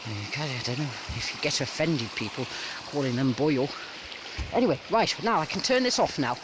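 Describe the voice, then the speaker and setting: A woman vlogging casually while walking around a rural old house, chatty and excitable, gasping and exclaiming often. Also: extremely low pitch, moderate pace, noisy background. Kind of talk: casual walking vlog chat. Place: outdoors at a rural old house, partly inside.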